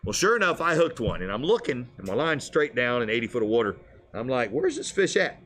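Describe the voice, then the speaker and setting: A man co-hosting a casual fishing show, telling stories with lively put-on voices and frequent laughs. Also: mid-range voice, fast talker. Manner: animated storyteller, laughs often.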